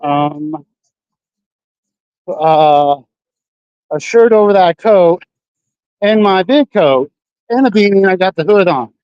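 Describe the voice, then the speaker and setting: A man's voice: sits high, animated, slow pace, pauses often, clean tone, no echo, lo-fi sound. A man livestreaming while walking city streets at night, chatting casually in a rambling, profane way full of fillers.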